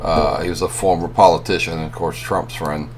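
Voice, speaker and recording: A man's voice: sits low, steady tone, a little fast, a crowd in the background. A man on a live stream show, answering in a dry, gloomy way in casual banter. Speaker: regular guest.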